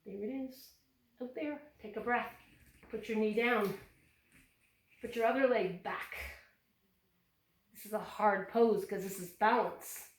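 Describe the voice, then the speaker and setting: Echoey yoga teacher guiding young children. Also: female voice, mid-range voice, steady tone, measured pace, pauses often. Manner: cheerful, encouraging step-by-step instructions. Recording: echoey room, voice from a distance.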